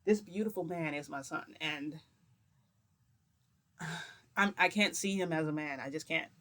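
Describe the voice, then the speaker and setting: A woman's voice: sits low, a little slow, a bit bright. A woman chatting through a personal story in a loose, meandering way. She stumbles over restarts, leans on fillers, and keeps checking that the listener is following. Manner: rambling, frequent "like" fillers and restarts; chatty, confiding, asks listener "right?". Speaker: vlogger. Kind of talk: casual storytime monologue.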